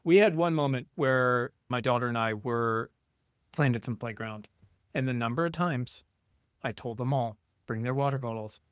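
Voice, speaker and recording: A man co-hosting a casual podcast, telling parenting stories in a blunt, profane, animated way. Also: mid-range voice, moderate pace, smooth, no echo, studio quality.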